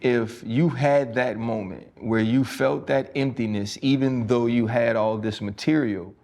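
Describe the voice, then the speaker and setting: A man hosting a podcast, asking measured, probing questions. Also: medium pitch, gravelly, a little mellow. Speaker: podcast host. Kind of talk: interview questions.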